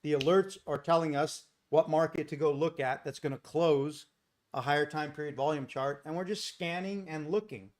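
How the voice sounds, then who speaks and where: A man's voice: on the high side, moderate pace. A man hosting a live trading stream, talking casually and answering viewers from the chat by name. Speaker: day trading livestream host. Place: home in Costa Rica. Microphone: desk mic without boom arm.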